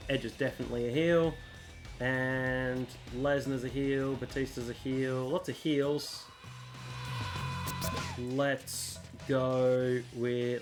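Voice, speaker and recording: Man, let's-play host, casual commentary, chatty, average pitch, faint game music. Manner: chatty, reads on-screen menus and dialogue aloud. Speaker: gaming channel host.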